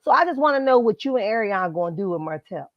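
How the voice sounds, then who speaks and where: A woman's voice: mid-range voice, very animated, fast talker, no room sound, lo-fi sound. A woman hosting a casual live stream, commenting on celebrity gossip in an emphatic, sassy way and talking straight to her chat, speaking. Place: at her workplace, indoors. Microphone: computer mic.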